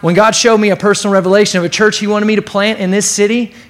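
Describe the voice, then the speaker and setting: A man pastor preaching to his church in an animated way, sometimes acting out the voices in the story. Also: sits high, fast. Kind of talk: sermon.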